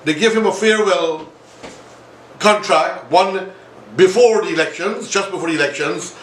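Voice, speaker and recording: A man's voice: sits high, moderate pace, reverberant, far from the mic, slight background noise, rough recording. A man hosting an impassioned political commentary show, addressing his viewers directly and repeating himself for emphasis. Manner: repetitive, appealing directly to viewers. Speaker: online show host.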